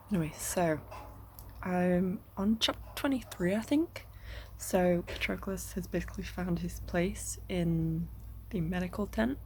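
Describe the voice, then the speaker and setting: A woman's voice: fairly low pitch, darkish tone, slight background noise. A young woman casually recapping a novel for her reading vlog, chatty and swearing freely, often dropping into a whisper. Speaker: book vlogger.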